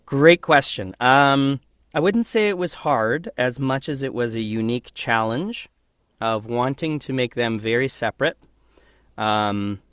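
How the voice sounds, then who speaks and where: A man who is a voice actor guest, talking through his work in a thoughtful, animated way. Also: mid-range voice, no echo. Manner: thoughtful, animated, acts out voices mid-sentence. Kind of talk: casual interview conversation.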